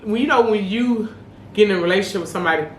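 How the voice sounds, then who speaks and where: A woman's voice: mid-range voice, rapid-fire. A woman co-hosting a podcast, talking candidly and rambling, filling her speech with "you know what I'm saying". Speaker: podcast co-host. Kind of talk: casual chat. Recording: roomy room with faint noise.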